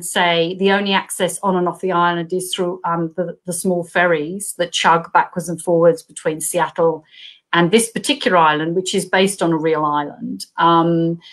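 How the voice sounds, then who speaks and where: Woman author from Australia, animated storyteller, laughs often, on a video call. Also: on the low side. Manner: acts out quoted voices. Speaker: crime thriller author. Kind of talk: live video chat interview.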